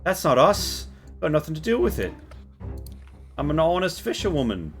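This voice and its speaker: A man's voice: a little high, very animated, normal speed, soft background music, pitched above the performer's own voice. A man doing a brash, cursing fisherwoman. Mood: defiant. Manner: scornful and foul-mouthed. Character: brash, defiant fisherwoman shouting insults.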